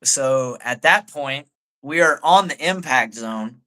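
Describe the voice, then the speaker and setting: A man's voice: mid-range voice, lively intonation, slow pace, pushed and bright. A man, an army staff sergeant, telling a story in a laid-back way as a guest on a live talk show, with lots of "like". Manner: laid-back, peppers speech with "like".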